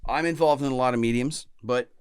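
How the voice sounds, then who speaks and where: A man's voice: medium pitch, fairly quick, clear, resonant tone, no echo. A man co-hosting a podcast in casual chat, joking and swearing loosely with his friend. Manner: loose, joking, profane banter. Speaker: podcast co-host.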